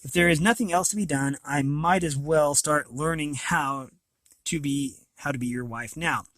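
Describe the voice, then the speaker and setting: Nervous young noblewoman, halting and unsure, gentle bride, man reading her lines aloud, slightly high voice, dry sound. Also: no echo, close to an everyday voice. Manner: hesitant, halting speech.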